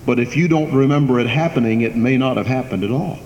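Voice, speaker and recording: In an echoey church sanctuary with faint background noise, a man preaches as pastor at a fast clip. His mid-range voice has a darkish tone and the sound is lo-fi. He is emphatic, raising and lowering his volume for effect.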